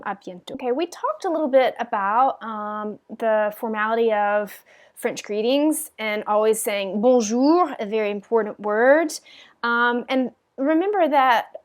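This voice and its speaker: A woman with a fairly high voice teaches French in a recorded lesson, probably from home. She talks patiently, fills pauses with frequent ums and says each phrase aloud for her students.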